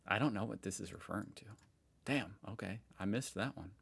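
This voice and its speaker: A young American man with a somewhat low voice talks through a reaction video in a loose, chatty way. He sounds curious and easily amused, thinking out loud as he goes. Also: fairly quick, creaky, breathy edge. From United States. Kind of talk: casual reaction commentary.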